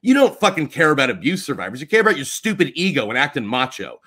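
A man's voice: mid-range voice, big pitch swings, quick pace, hardly any pauses, bright, forceful tone. A man ranting on a live stream in a heated, profane and confrontational way. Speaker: livestreamer.

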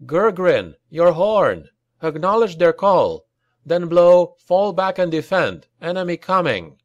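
A man's voice: sits high, very animated, slow pace, highs cut off, pitched above the performer's own voice, full character voice. A man doing a stern dwarf prince barking orders. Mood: commanding. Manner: barked, urgent commands. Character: commanding young male dwarf prince, stern.

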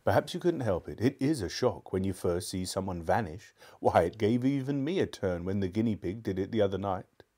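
A man's voice: on the low side, expressive, brisk, hardly any pauses, mellow. Man doing a smug, oily old magician uncle. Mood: scheming. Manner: smooth, ingratiating, chuckling.

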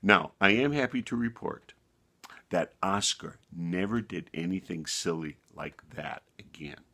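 A man reading a bedtime story aloud to children with a moral at the end, animated and homespun, often turning to the listener with asides. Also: sits low, a little slow, vocal fry.

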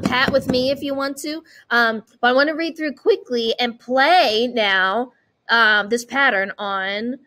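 A woman teaching an online music lesson. She chants rhythm syllables and talks students through them in an encouraging way. Her voice is high, with a faint hiss underneath. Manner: encouraging, checks in with okay.

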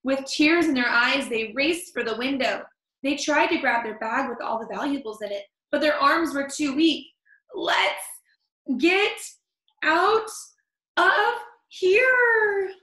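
A woman reading a picture book aloud to children, expressive, stopping to comment on the story. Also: high-pitched, moderate pace. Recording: echoey room.

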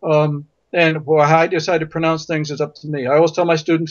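High-voiced man, emphatic, lo-fi audio. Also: flat delivery, fast talker, no echo. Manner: emphatic storyteller who repeats words for stress. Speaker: physician and guest. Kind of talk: interview conversation. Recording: dull lo-fi audio.

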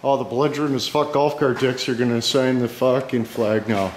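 Man, excitable, profane, mid pitch, noisy outdoor camera audio with vehicles. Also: fairly quick. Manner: excitable, swearing, laughing. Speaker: vlogger filming friends. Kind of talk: casual profane commentary.

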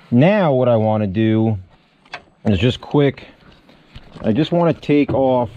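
A man in a casual how-to vlog, explaining step by step in a relaxed way while he works on his truck outdoors. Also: fairly low pitch, lo-fi sound, slight background noise. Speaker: small business owner showing a truck equipment setup.

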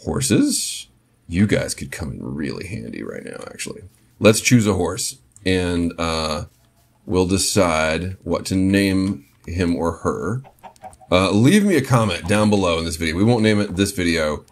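A man's voice: low-pitched, lively intonation, a little slow, vocal fry. A man casually commenting on his own gameplay, joking and talking to his game horse. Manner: playful, talks to his game horse in mock apology. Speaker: gaming channel host.

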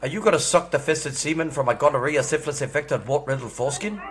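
A man in his sixties with an Australian accent, baiting a scam caller with crude, mocking insults and sudden furious shouting. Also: on the high side, quick pace. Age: 60s. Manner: foul-mouthed, mocking, bursts into furious shouting. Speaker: scam baiter. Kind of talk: crude prank call.

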